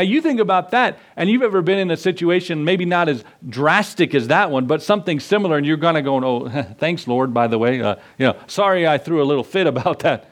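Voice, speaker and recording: Conversational man preaching a sermon. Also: fairly high pitch. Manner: conversational, storytelling, acting out dialogue. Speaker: pastor.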